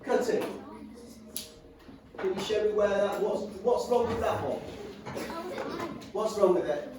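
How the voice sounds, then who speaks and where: A man's voice: high voice, measured pace. A man teaching a classroom reading lesson, questioning and prompting pupils one by one. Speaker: primary school teacher. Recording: echoey classroom from far off, loud noise.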